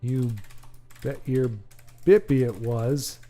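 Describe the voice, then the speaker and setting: A man's voice: on the high side, moderate pace, long pauses, a little mellow. A man hosting a live stream, joking, rambling, and reading chat aloud.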